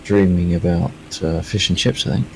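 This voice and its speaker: A man chatting dryly and low-key while flying in a game. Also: moderate pace, vocal fry, slight background noise. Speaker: stream guest. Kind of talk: casual gaming chat.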